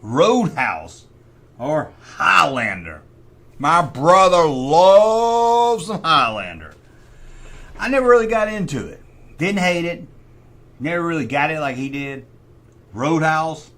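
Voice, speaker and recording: A man's voice: on the high side, measured pace. A middle-aged man hosting a casual livestream chat, opinionated and talking himself through choices. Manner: animated, opinionated, talks to himself while deciding. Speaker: host.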